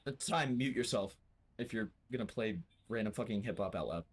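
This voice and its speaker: A man's voice: on the low side, fairly quick, slightly rough. A man streaming games, swearing and ranting in a mock-angry way at his chat and friends. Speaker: game streamer. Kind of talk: casual live-stream chat.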